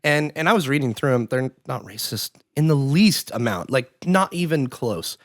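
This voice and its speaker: A man's voice: mid-range voice, animated, normal speed, no room sound, clean studio sound. A man hosting a podcast in casual, rambling chat. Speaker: podcast host. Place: podcast studio.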